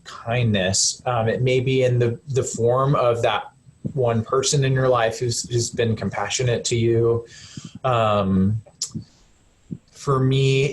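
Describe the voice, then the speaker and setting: With a voice on the low side, a man leads a live self-compassion webinar in his role as a counselor. He's gentle and conversational, often using fillers and restarting sentences, and a slight hiss or hum runs under the recording.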